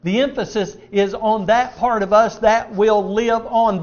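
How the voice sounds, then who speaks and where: A middle-aged man delivers an earnest sermon in a fairly high voice, pressing his points with shifts in loudness and pace. The recording sounds dull and lo-fi. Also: unhurried, few pauses. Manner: earnest, emphatic preaching with varied loudness and pace. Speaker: preacher.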